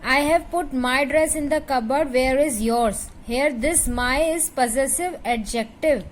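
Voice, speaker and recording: High-voiced Indian English woman teaching. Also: a little hiss or hum, rough recording. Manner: patient, checks understanding with "right?"; drills word lists slowly. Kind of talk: grammar lesson explanation.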